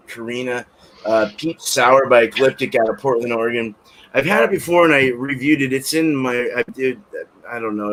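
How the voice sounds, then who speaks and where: A man's voice: medium pitch, slight background noise. A man hosting a casual beer review livestream, talking loosely with laughing outbursts. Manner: loud, laughing outbursts and shouted impressions. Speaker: host.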